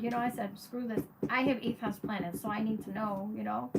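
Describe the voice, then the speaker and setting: A woman astrologer talks casually and frankly to her viewers, greeting them by name as she goes. Her voice sits slightly high. A steady hiss of noise runs under the whole recording. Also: quick pace, hardly any pauses. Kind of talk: casual livestream chat.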